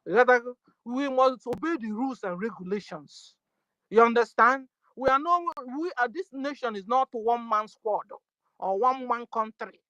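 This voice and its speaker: A woman hosting a casual live audio chat, forceful and firm, often asking "you understand?". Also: fairly high pitch, expressive, moderate pace, dry recording, dull audio. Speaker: host of an online audio space.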